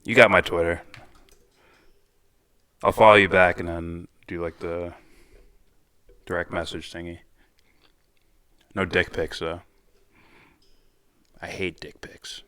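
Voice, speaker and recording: A deep-voiced man co-hosting a casual podcast, laughing often and tossing out crude jokes. His tone is bright and forward, and the sound is dry with no room in it. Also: level tone, slow pace, pauses often, smooth, dry recording. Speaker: podcast co-host. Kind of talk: casual chat reacting to a video.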